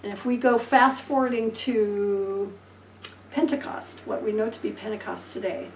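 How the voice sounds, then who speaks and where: A woman pastor preaching a sermon, telling Bible stories with lively acted-out voices and laughter. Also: fairly high pitch, moderate pace, roomy sound, far from the mic, slight background noise, low-quality recording. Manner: animated storytelling, acting out voices and laughing.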